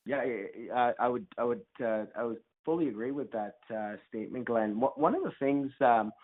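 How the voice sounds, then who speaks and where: A man's voice: mid-range voice, brisk. A man, a startup founder as guest, answering interview questions over a call in a rambling way, often restarting his sentences. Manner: rambling with many restarts and fillers. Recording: tinny phone-line audio.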